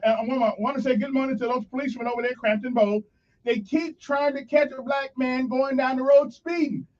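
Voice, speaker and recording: A man hosts a morning radio show in a high, lively voice. He jokes and talks straight to his listeners. The sound is dull and lo-fi, as if from a little way off the mic. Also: distant mic.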